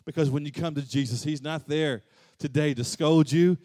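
A man preaching a sermon as pastor, swinging from loud and emphatic to soft and hushed. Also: fairly high pitch, fairly even intonation, normal speed, long reverb tail.

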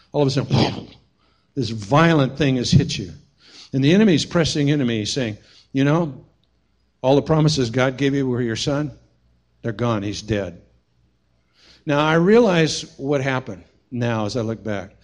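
A middle-aged man preaching a sermon as pastor, telling a personal story and swinging from hushed to shouting. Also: medium pitch.

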